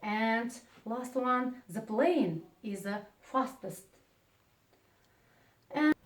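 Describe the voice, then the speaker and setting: Slow Uzbek-accented woman teaching grammar. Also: fairly high pitch, darkish tone. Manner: slow, halting delivery with many fillers, stresses example words. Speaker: English teacher. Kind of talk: classroom grammar lesson. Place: classroom. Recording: echoey room, voice from a distance.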